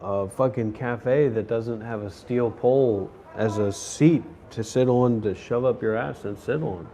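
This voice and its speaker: A man's voice: mid-range voice, measured pace, warm tone, slight background noise. Profane grumbling man on a walk. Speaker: vlogger. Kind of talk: casual rant while walking. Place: city streets and station, walking.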